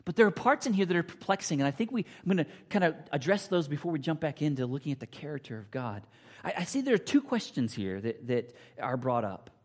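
A man's voice: fairly high pitch, very animated, quick pace. Guy preaching a sermon, emphatic, repeats himself, drops to whispers, big echoey hall. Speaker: pastor. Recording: long hall reverb.

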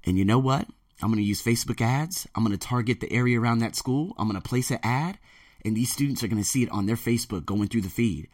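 A man hosts his own vlog in a fired-up solo monologue, his energy swinging from hushed asides to loud bursts. His voice sits at a middle pitch. The sound is dry and close, with no room around it. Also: no room sound. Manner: hyped, fast-shifting energy, swings between hushed and loud. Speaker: host of a vlog and podcast. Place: in Thailand.

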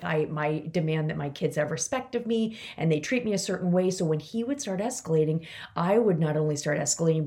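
A woman's voice: on the low side, warm tone. A middle-aged woman, a mother, telling a personal story to her listeners in an earnest, emotional, confiding way. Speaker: podcast host, mother of three boys.

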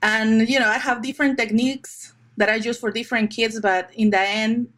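Brief: middle-aged woman, higher-pitched voice, animated storyteller, photographer in a chatty interview. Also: brisk. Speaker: fine art children's photographer. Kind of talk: conversational interview.

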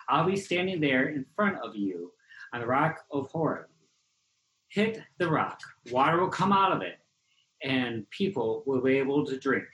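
A woman reading a scripture passage aloud at a slow, measured pace. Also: rumbling low, slight background noise. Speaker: scripture reader. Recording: echoey room, from off mic.

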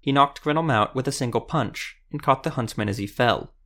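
A man narrating a fantasy audiobook in a steady, even storytelling manner. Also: mid-range voice, fairly quick.

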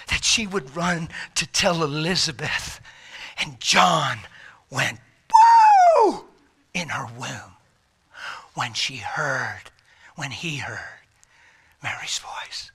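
Male preacher, husky voice, bright sharp tone, fairly high pitch, impassioned sermon with whispered stretches. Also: slow pace, long pauses. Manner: impassioned, swinging from loud bursts to breathy whispers.

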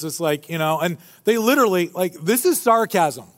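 A man preaching a sermon as a pastor, retelling the story in an animated, joking manner. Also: high voice, normal speed, few pauses. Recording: long hall reverb.

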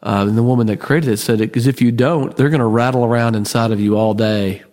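A man's voice: mid-range voice, fairly even intonation, fast, a little mellow. A man in a casual faith conversation, explaining ideas in a reflective, thoughtful way.

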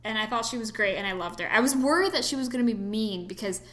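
A woman co-hosting a casual film review chat, talking in a loose, chatty way with lots of fillers. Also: fast talker. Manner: chatty, lots of fillers, animated swings in pitch. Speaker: podcast co-host reviewing a film. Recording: echoey room.

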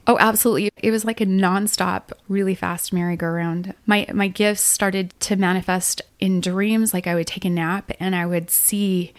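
A woman's voice: mid-range voice, fairly even intonation, normal speed, few pauses, dry recording. A middle-aged woman, a podcast co-host, telling a painful personal story in earnest detail. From Utah. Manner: earnest, emotional retelling with quoted dialogue.

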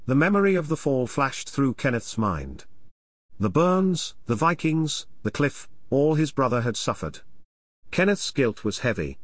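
A man narrating an adventure novel as an audiobook in an expressive, dramatic reading. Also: medium pitch, a little slow, no echo. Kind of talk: scripted narration.

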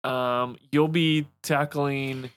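A man's voice: medium pitch, steady tone, extremely slow, a bit bright, smooth. A man, a pastor co-hosting a church podcast, talking casually with frequent ums, restarts and dry humor. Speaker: lead pastor, podcast co-host. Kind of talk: casual chat.

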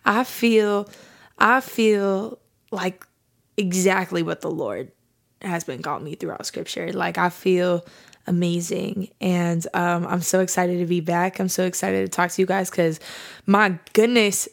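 A young woman hosting a faith podcast, bubbly and enthusiastic in casual chat, turning soft and earnest when she prays. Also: lowish voice, steady tone, a little slow, vocal fry. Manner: bubbly and enthusiastic, says y'all. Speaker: podcast host.

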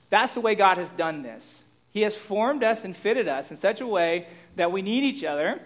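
A man preaching a sermon in a conversational way, often checking in with his listeners and moving between loud emphasis and quiet asides. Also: sits high, animated, moderate pace, few pauses. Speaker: pastor.

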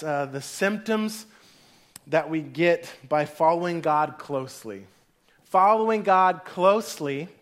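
A man in his thirties preaching a sermon as a pastor, in a casual storytelling way that acts out the voices of his kids and God. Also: high-pitched.

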